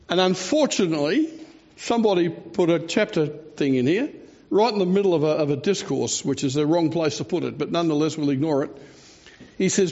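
A man preaching a sermon, telling the story expressively with dramatic slowdowns. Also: fairly high pitch, lively intonation, darkish tone. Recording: dull lo-fi recording.

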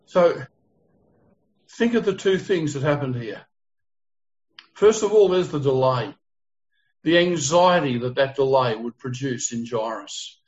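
A man's voice: medium pitch, animated, a little slow, pauses often. A man leading an interactive Bible study, explaining the text earnestly and putting questions to his group. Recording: dull lo-fi recording.

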